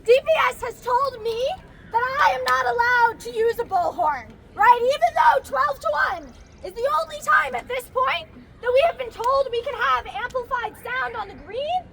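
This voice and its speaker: A woman organizing a rally outdoors, giving brisk, commanding instructions to the crowd. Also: extremely high pitch, animated, gravelly, noisy background. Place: outdoor campus green.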